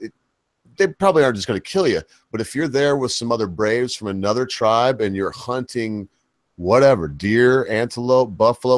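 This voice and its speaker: A lower-voiced man rambles through a casual panel chat as its host, folksy and loose, often stopping to correct himself. The sound is dry and close, with no room echo.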